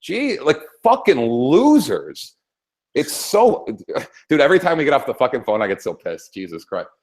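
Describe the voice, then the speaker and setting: A man on a political talk show, ranting hard and swearing nonstop. His pitch swings up and down a lot as he rambles, restarts and works himself up. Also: very animated, a little fast. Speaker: co-host. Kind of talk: profane political rant.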